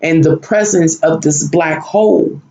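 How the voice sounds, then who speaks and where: A man's voice: fairly high pitch, warm tone, reverberant, a little hiss or hum, low-quality recording. A man telling of a dream in an emotional, searching monologue, often repeating himself and trailing off. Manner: emotional, searching, repetitive, halting. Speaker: spiritual vlogger. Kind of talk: personal monologue about a dream.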